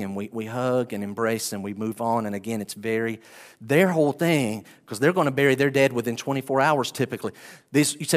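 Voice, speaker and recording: A man preaching a sermon as pastor, animated, swinging between loud outbursts and quiet asides. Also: medium pitch.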